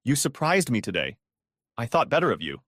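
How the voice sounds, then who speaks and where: A man's voice: mid-range voice, wildly swooping pitch, a little fast, a bit bright, no room sound, clean studio sound. A man voicing a worried, indignant woman who urgently pleads with a friend to help, in a storybook audio reading. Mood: earnest.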